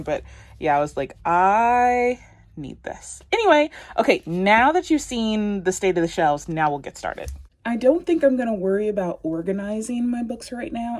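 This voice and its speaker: Chatty woman rambling about her books. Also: mid-range voice. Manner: rambling, chatty, with frequent fillers. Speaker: book vlogger. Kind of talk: casual chat.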